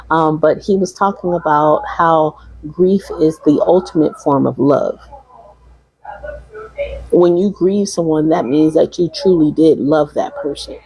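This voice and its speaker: A woman's voice: lowish voice, warm tone, husky, no room sound, poor audio. A woman hosting a podcast in casual, emotional conversation, reading viewer comments aloud. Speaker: podcast host.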